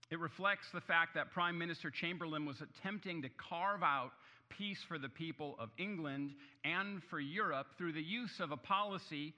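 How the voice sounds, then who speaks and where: A man preaching a sermon, opening with a prayer and then speaking in an earnest, emphatic way with deliberate pauses. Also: fairly high pitch, pushed and bright, long reverb tail. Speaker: pastor.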